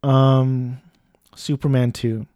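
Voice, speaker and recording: A man's voice: mid-range voice, flat delivery, extremely slow, dark tone, dry recording, clean studio sound. A man talking in a casual, digressive monologue, losing his thread and circling back. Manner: digressive, lots of fillers and restarts.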